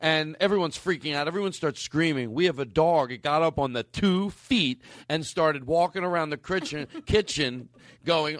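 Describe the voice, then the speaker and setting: A man with a somewhat high voice tells a ridiculous story as a comedy podcast host. He rambles playfully and stays close to a dry, deadened mic. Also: moderate pace, no room sound. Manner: playful, rambling, breaks into laughter.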